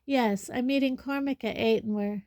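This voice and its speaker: A woman's voice: a little high, normal speed, a little mellow, dry recording, studio quality, voice pushed up, close to an everyday voice. A woman reading a storybook, voicing a clever teenage schoolgirl with a sweet, pointed manner. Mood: sweetly pointed.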